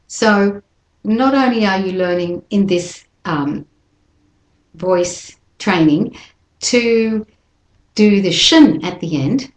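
Slow, patient woman teaching pronunciation. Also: fairly low pitch, roomy sound. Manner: slows down to model words, repeats them for listeners to copy. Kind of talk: slow, deliberate teaching with drills.

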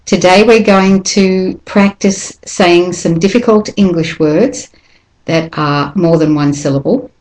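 Slow, careful woman teaching pronunciation. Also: fairly low pitch, darkish tone, low-quality recording. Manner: careful, deliberate, repeats words slowly. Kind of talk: slow, clear pronunciation lesson.

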